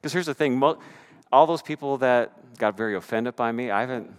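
Guy pastor giving a sermon, lively storyteller, gets loud then goes quiet. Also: mid-range voice, fairly quick, clear, resonant tone. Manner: animated storytelling, swings from loud to hushed.

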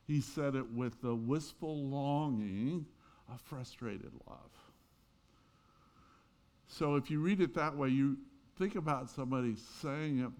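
A man's voice: mid-range voice, darkish tone. A man in his sixties preaching a sermon in a conversational way, rising now and then into emphatic peaks. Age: 60s. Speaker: pastor.

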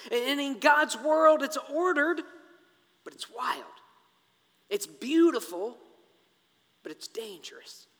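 A man preaching a sermon as pastor, dramatic, swinging from stressed words to hushed near-whispers and asking rhetorical questions. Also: very high voice, lively intonation, slow pace, long pauses. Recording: long hall reverb, faint music behind.

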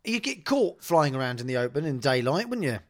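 A man's voice: on the high side, very animated, brisk. A man co-hosting a comedy podcast, arguing and nitpicking in casual chat. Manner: argumentative, nitpicking. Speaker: podcast co-host.

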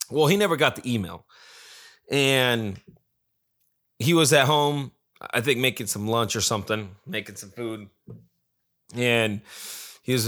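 A man's voice: on the low side, a bit bright. A man casually telling a rambling, profane story about a friend, with many restarts and quoted asides.

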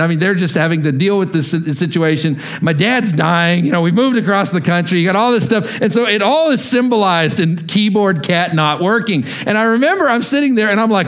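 A male pastor from Texas delivers a sermon as an animated story, slipping into the voices of his family as he goes. His voice sits a little higher than most men's. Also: brisk, hardly any pauses.

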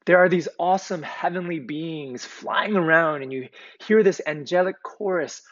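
A man preaching a sermon as pastor, deliberate and emphatic, repeating key words for weight. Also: a little high, a bit bright. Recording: dull, lo-fi recording.

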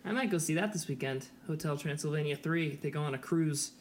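A man's voice: on the high side, a little fast, slight background noise. A man co-hosting a podcast in casual chat, easygoing and wry, chuckling often. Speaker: podcast co-host.

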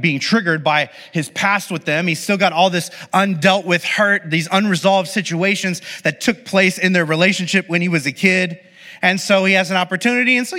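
A man preaching a conversational, animated sermon with casual asides to his listeners. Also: high-pitched. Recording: long hall reverb.

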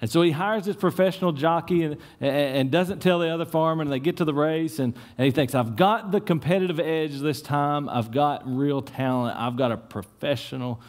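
A man preaching a sermon in church, telling stories with lively swings and dropping to a hushed tone for prayer. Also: on the high side, moderate pace, hardly any pauses. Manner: animated storytelling, repeats words, drops to a hushed tone in prayer. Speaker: pastor.

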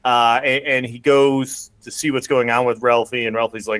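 A man with a middle-pitched voice recapping a film on a podcast, rambling and filling every pause with "like". The sound is dry and close. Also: flat delivery, a bit bright, no echo. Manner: rambling, heavy on "like", quick bursts. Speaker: podcast host. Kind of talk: casual chat recapping a film.

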